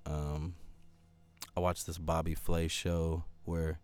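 A man chatting casually, telling animated stories with frequent laughs and acted-out quotes. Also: very deep voice, slow, clean tone. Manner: animated storyteller, laughs often, acts out quotes. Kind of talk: casual chat.

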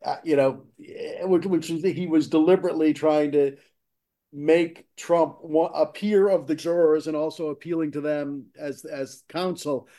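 A man from Boston co-hosting a podcast discussion, talking in an animated way and stressing key words. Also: a little high, normal speed. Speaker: podcast co-host. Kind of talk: conversational discussion.

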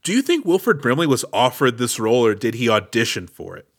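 A man's voice: mid-range voice, very animated, fast. A man co-hosting a casual movie podcast, playful and jokey, asking questions and laughing often. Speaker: podcast co-host.

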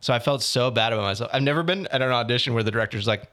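A young man chatting casually about his week. He tells the story with energy, quoting people and venting, and his voice sits at an ordinary middle pitch. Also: very fast. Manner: animated storytelling, swearing, quoting others. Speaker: actor telling about auditions. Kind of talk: casual chat.

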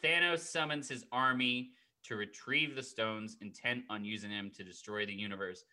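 A man co-hosting a podcast, recapping a film in casual, profane, animated chat and humming the score. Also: on the low side, normal speed. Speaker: podcast co-host.

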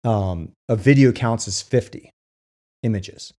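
A man with a fairly low voice talks through legal cases in a loose, halting way. He stops and restarts often and leans on fillers. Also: mellow. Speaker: co-host with legal case experience. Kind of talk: casual discussion.

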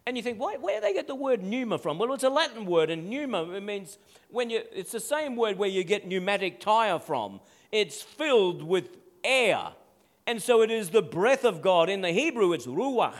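A pastor preaching a sermon, calling out for amens and dropping to a soft, intimate voice at times. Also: male voice, high-pitched, very animated, moderate pace. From Netherlands. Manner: call-and-response preaching, asks for amens.

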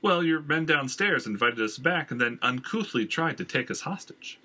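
A man's voice: mid-range voice, expressive, moderate pace, bright, forceful tone, voice pushed up. A man reading an audiobook, voicing an earnest young man adventurer who talks bluntly.

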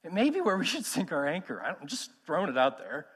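A man's voice: fairly high pitch, huge pitch swings, quick pace, a bit bright, breathy edge, long reverb tail. A man in his thirties preaching a sermon, emphatic and conversational, putting questions to the congregation. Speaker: pastor.

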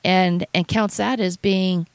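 Woman radio cohost, bit of vocal fry, dry close studio sound, earnest and halting. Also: on the low side, fairly even intonation, dry recording. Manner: earnest, halting, many restarts. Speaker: radio co-host. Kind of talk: casual Bible talk.

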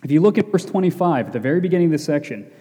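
Guy preaching a bible sermon, slightly high warm voice, repeats stuff for emphasis, big echoey hall. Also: animated, rapid-fire. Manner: emphatic, repeats key phrases, asks rhetorical "right?". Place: church hall with congregation. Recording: long echoey hall reverb.

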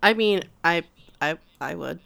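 A woman's voice: on the low side, lively intonation, unhurried, vocal fry, sharp tone, clear, resonant tone. A woman co-hosting a podcast, recapping a show in casual chat, sarcastic, swearing and acting out quotes. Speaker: podcast co-host.

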